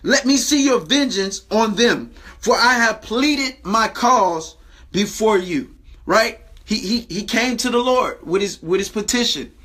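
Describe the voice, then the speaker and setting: Bright, high-voiced man preaching emphatically. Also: unhurried. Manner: emphatic, repeats phrases and asks "right?". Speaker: preacher and video host. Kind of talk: preaching a Bible lesson to camera.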